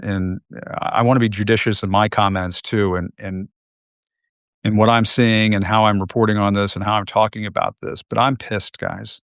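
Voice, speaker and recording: A male host speaking with anger and emotion, halting and repeating himself as he comments live. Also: medium pitch, a bit bright, dry recording, clean studio sound.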